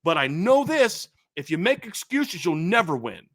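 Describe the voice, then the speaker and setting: Middle-aged male sports host, high, bright and forceful, ranting with heavy emphasis. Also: very animated, normal speed. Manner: fired-up, emphatic, repetitive. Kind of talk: impassioned sports commentary rant.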